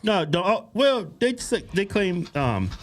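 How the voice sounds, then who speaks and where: A man co-hosting a comedic political talk show, teasing and correcting his co-host with loud bursts of laughter. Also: high voice, very animated, a little slow.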